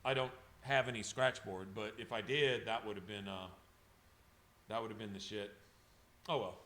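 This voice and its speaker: A man's voice: lowish voice, steady tone, moderate pace, vocal fry, a bit bright. Rambling, profane man chatting on a livestream. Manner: rambling, profane, emotional, talks to chat by name. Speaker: livestreaming airbrush artist. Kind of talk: casual livestream chat with viewers.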